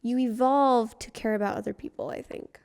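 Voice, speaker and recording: Young female co-host, mother, creaky higher voice, relaxed chatty delivery. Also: moderate pace. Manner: relaxed, laughs easily, thoughtful asides. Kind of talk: casual family chat.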